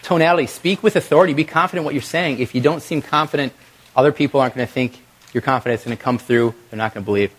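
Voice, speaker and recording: A middle-aged man giving an energetic coaching talk to a live workshop audience. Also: mid-range voice, very fast. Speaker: video presentation trainer.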